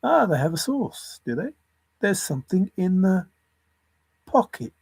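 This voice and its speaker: A man with a slightly high, gravelly, husky voice talks slowly to himself, reeling off word lists and chuckling. The sound is dry and close, with no room around it. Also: very animated, darkish tone, no echo. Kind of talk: rambling solo puzzle musing.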